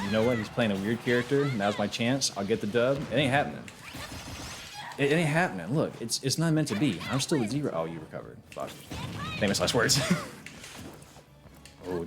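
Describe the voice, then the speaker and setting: A man streaming a fighting game, chatting casually with viewers and trash-talking his opponents with plenty of swearing. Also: on the low side. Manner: excitable, profane trash talk to chat. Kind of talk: casual live-stream gameplay commentary.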